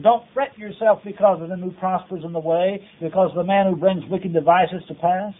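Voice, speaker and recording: A man preaches with an earnest, urging push, hammering his points through repeated phrases. His voice sits high for a man. The tape sounds thin and tinny, almost like a phone line. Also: brisk, few pauses. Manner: earnest, exhortative, repetitive phrasing. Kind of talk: taped sermon.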